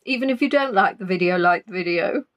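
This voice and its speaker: A woman's voice: medium pitch, animated, fast. Chatty woman rambling on a livestream. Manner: chatty, rambling, self-deprecating. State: not fully recovered from illness. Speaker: livestream host. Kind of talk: casual live-stream chat. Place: at home.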